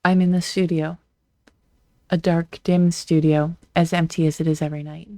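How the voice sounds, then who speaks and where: A let's play streamer reading a visual novel aloud in an even, flat delivery, with short asides of their own. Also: medium pitch, normal speed, no echo.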